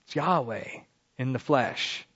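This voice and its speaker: A man's voice: medium pitch, lively intonation, slow pace, vocal fry, a bit bright, slightly rough, dull audio. A man preaching a sermon, explaining a psalm and reading scripture aloud with rising emphasis.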